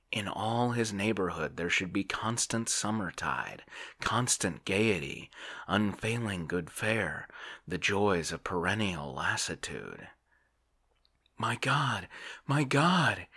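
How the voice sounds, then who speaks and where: A man reading a classic novel aloud in a soft ASMR style, slow and soft-spoken, sometimes slipping into a whisper. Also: sits low. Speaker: ASMR reader.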